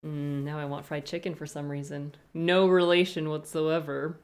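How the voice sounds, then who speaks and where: A woman's voice: low voice, little pitch movement, normal speed, darkish tone. A woman streamer chatting casually on a live stream, greeting viewers one by one with rambling asides.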